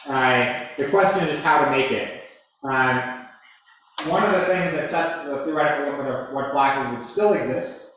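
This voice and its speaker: A man's voice: mid-range voice, a bit bright. Echoey lecture-hall scientist, a man. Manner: thoughtful, hedging, frequent restarts and "uh". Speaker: astrophysicist answering audience questions. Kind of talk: public lecture Q&A.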